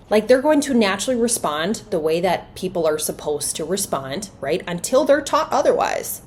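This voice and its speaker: A woman's voice: medium pitch, darkish tone, slight background noise. A woman hosting a solo podcast on parenting, talking earnestly and conversationally and asking her listeners rhetorical questions. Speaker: podcast host.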